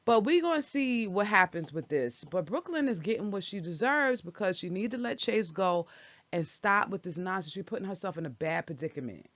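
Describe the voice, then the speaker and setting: A woman's voice: mid-range voice, lively intonation, brisk, no room sound. A woman casually recapping a soap opera episode, talking back at the characters with strong opinions. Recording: dull lo-fi dry recording.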